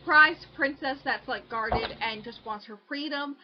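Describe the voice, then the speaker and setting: A woman's voice: high voice, a little slow, background noise. A young woman casually recapping a book plot on a podcast, rambling and swearing with lots of fillers. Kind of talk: casual chat. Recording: dull lo-fi home recording.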